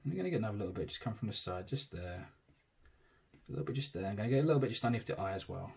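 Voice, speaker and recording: A man talks casually while drawing a digital tattoo in real time, thinking aloud and letting his sentences trail off softly. His lowish voice is animated, very fast, gravelly and slightly rough.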